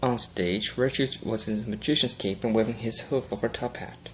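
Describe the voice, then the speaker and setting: A man reading fan fiction aloud as amateur audiobook narration. His delivery is plain and steady, and he stumbles over a word now and then. A faint hiss sits behind his voice. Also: on the low side, brisk, low-quality recording. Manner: plain reading with small slips.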